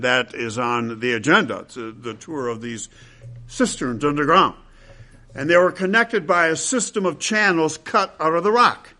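A man preaching a sermon to his congregation, with dramatic emphasis, pauses and repeated lines. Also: a little high, fairly bright tone. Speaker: pastor.

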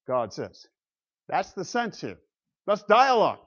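A man giving a classroom lecture on the Psalms, emphatic and animated, with rhetorical questions and chuckles. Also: high-pitched, normal speed, lo-fi sound. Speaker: Bible lecturer.

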